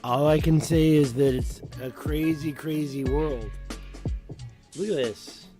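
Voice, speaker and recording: A hoarse man who has nearly lost his voice, hosting a casual video, rambling and exclaiming with rhetorical questions as he looks at maps. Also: a little high, steady tone, slow, music in the background. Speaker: video host. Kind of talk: casual commentary over maps.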